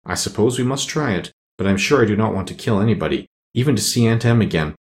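A man voicing a gentle, earnest young girl in a storybook reading. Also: fairly low pitch, quick pace, lightly acted. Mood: plaintive.

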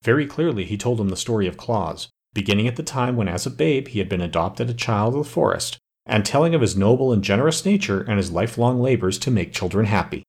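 A man narrating a fairy tale as an audiobook, in a steady, measured way. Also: on the low side, husky.

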